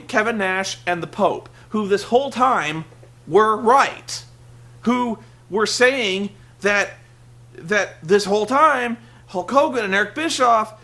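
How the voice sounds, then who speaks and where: High, bright-voiced man ranting sarcastically. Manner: exasperated, sarcastic, swears a lot; rambling with restarts and many "like"s. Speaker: show host reviewing. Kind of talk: ranting monologue review.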